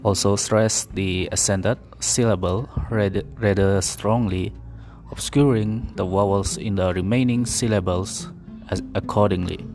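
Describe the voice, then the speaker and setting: Male drill reader: very deep voice, unhurried, careful word-by-word delivery with small self-corrections, over background music. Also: fairly even intonation. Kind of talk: reading an English pronunciation drill aloud.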